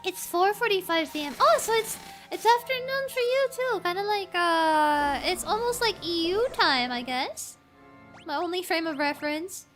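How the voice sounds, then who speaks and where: A woman's voice: extremely high pitch, animated, normal speed, fairly bright tone. A woman streaming a game and chatting casually with her viewers, reacting to the game and to chat as she plays. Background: faint game music.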